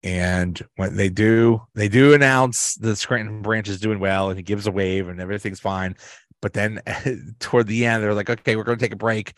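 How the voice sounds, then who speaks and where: A man's voice: fairly low pitch, fairly even intonation, moderate pace, no room sound. A man hosting a podcast, casually recapping and ranking sitcom episodes, rambling with many restarts and small chuckles. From Pittsburgh area, US. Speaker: podcast host.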